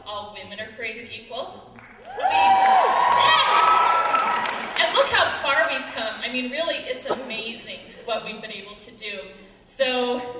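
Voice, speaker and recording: A young woman gives an earnest stage talk in a fairly high, bright voice. She is heard from back in a big echoing hall, with a long ringing tail on her words and some faint ambience. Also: slight background noise. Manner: earnest, quick, laughing now and then. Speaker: student speaker. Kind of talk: short persuasive stage talk. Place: large hall with audience. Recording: echoey hall from far off.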